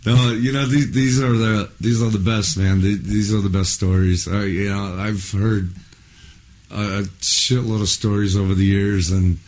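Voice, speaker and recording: A man with a slightly low voice asks follow-up questions in a relaxed interview. He keeps it loose and ends lines with "man". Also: normal speed. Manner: laid-back, chuckling, says "man". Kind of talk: casual interview hosting.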